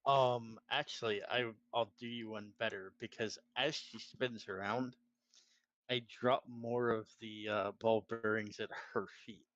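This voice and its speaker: A man playing a tabletop game, talking in a relaxed, hesitant way. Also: lowish voice, unhurried, no echo, muffled recording. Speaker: player.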